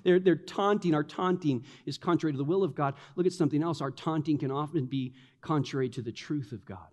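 A man preaching a sermon, animated, acting out the taunts of the mockers in a mocking voice. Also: on the high side, fairly quick. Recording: long hall reverb.

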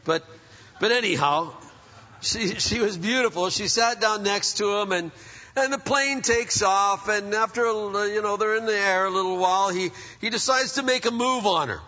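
A man's voice: sits high, normal speed, sharp tone. A man preaching a sermon, a pastor telling jokes and stories to his congregation. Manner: joking, storytelling preacher. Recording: echoey hall, dull lo-fi sound.

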